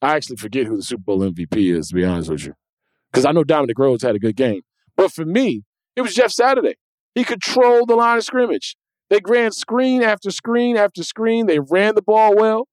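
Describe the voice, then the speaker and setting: A man hosting a sports podcast, talking in a casual, animated way with emphatic restarts. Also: high-pitched, a little fast, dry recording. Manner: animated, emphatic, repeats words when he restarts. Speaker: podcast host.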